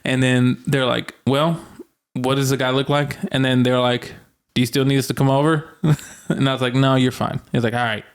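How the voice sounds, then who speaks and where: A man co-hosting a podcast, casually telling a story in a relaxed, joking way with some swearing. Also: mid-range voice, moderate pace, clean tone. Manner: laid-back, swears casually, laughs often. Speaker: podcast co-host. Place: new apartment room.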